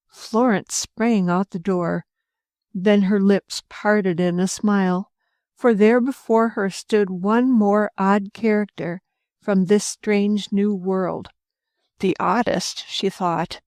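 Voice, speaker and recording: A woman narrating an audiobook in a calm, measured reading voice, close to the mic. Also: mid-range voice, no room sound. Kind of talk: scripted narration.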